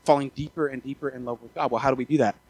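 A man preaching a sermon, often repeating and restarting his words, who rises from quiet talk to loud, urgent appeals. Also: mid-range voice, fairly even intonation, racing, breathy edge, no room sound. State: out of breath after the peak.

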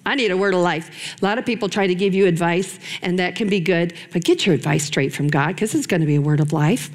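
Earnest woman preaching to women. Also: lowish voice. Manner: earnest, personal, lively preaching with dramatic pauses. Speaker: women's ministry speaker. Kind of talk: sermon.

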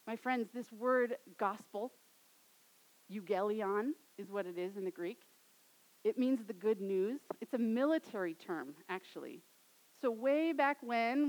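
A woman in her thirties preaching a sermon, swinging from loud, dramatic rises to soft, quiet endings. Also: on the high side, lively intonation, a little slow, rough recording. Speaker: pastor.

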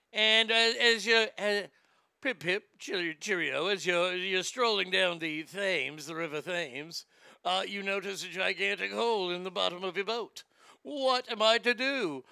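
A man putting on a hammy fake British accent, playing a prince as an infomercial pitchman, and the accent keeps slipping toward Australian. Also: a little slow, creaky, pushed and bright, clean tone, no room sound, clean studio sound, full character voice.

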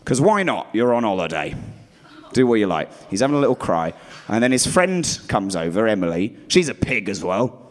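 A man's voice: sing-song, normal speed. Guy doing stand-up, rambly and self-deprecating, voice swoops up and down a lot, mutters stuff under his breath. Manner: rambling, self-deprecating, trailing off into low asides. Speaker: stand-up comedian. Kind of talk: stand-up routine.

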